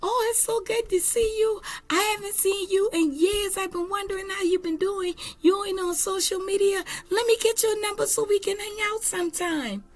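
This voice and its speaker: A woman voicing an overjoyed woman greeting an old friend, gushing and loud. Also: very high voice, fairly even intonation, moderate pace, few pauses, voice pushed up.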